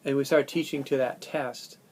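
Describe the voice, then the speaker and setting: Flat-voiced man giving a casual lecture. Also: mid-range voice, moderate pace, slight background noise. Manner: conversational, explains with spoken examples. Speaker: language teacher. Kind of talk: recorded classroom lecture.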